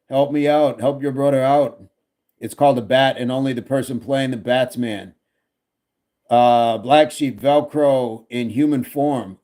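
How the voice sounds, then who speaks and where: A man's voice: medium pitch, warm tone. Joking man hosting a livestream. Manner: jokey, laughs often, reads chat comments aloud. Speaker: livestream fitness host reading chat. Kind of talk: casual livestream chat.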